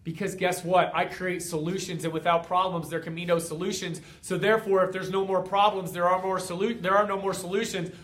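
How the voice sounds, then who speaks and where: A man's voice: high-pitched, flat delivery, a little fast, few pauses, a bit bright. A man giving a fired-up motivational talk as a coach, emphatic and driving his points home through repetition. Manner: fired up, emphatic, repeating phrases for effect.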